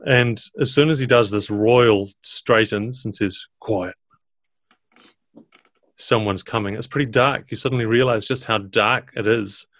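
A man, narrating a tabletop game as dungeon master in a measured, descriptive way. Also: medium pitch, steady tone, fairly bright tone, dry recording.

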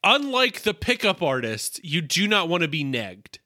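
A man's voice: high voice, sing-song, normal speed, sharp tone, dry recording, studio quality. A man co-hosting a podcast, joking and bantering in casual chat. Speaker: podcast co-host.

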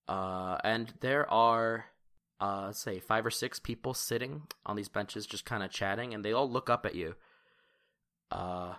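A man's voice: fairly low pitch, bright, forceful tone. A young man narrating as game master in a loose, chatty way, with many fillers and frequent laughter.

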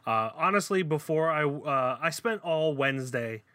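A man's voice: fairly high pitch, lively intonation, normal speed, pushed and bright, clear, resonant tone, no echo. A man co-hosting a movie podcast, talkative and opinionated in casual chat about films. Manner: talkative, opinionated film reviewing. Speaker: podcast co-host.

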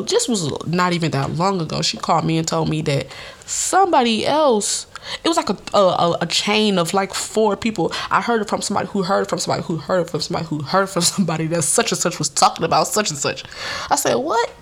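A woman's voice: lowish voice, fast. Woman podcast host, blunt and cussing, voice jumping all over. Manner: blunt, profane, animated storytelling. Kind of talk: casual storytelling monologue. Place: studio.

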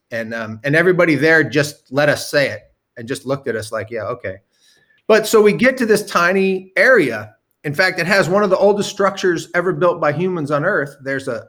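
A man's voice: a little high, fairly bright tone. A man telling a long personal story in a casual, rambling way, with many ums, asides and the odd swear word. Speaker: storyteller guest.

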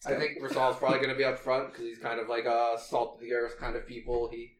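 A man's voice: medium pitch, quick pace. A man playing a tabletop game, casual and joking. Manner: animated, joking. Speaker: player. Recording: echoey room with faint noise.

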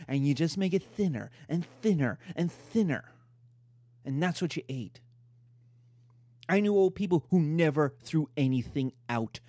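Animated man lecturing with emphatic delivery. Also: on the high side, husky, no room sound, clean studio sound. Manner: animated, emphatic, mimics voices in quotes. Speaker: history lecturer. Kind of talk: lively spoken lecture.

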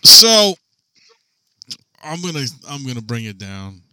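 A man's voice: medium pitch, very animated, slow, pushed and bright, clear, resonant tone, dry recording, low-quality recording. A man co-hosting a podcast, chatting casually with crude jokes. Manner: crude, joking. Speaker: podcast co-host. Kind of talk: casual chat.

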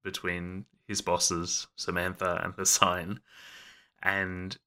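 A man narrating his character's actions in a tabletop role-playing game, pausing often with fillers. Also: low-pitched, completely flat delivery, bright, forceful tone. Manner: hesitant, with many fillers. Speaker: player.

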